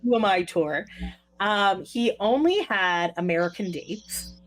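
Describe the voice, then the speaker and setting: A woman's voice: medium pitch, unhurried. A woman co-hosting a podcast, chatting casually and breaking in with asides for the listeners. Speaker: podcast co-host. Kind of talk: casual chat.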